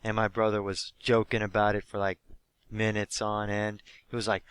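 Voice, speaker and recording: A young man with a sore, hoarse throat, recapping a live wrestling show he went to in an animated, swear-heavy way. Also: fairly low pitch, moderate pace, dry recording. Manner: animated storytelling, swears freely, acts out quotes. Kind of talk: casual excited recap.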